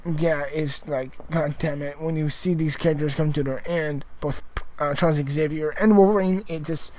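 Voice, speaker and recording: A man's voice: fairly high pitch, steady tone, moderate pace, darkish tone, low-quality recording. A man giving a casual spoken movie review, rambling and emphatic, with lots of fillers, restarts and swearing.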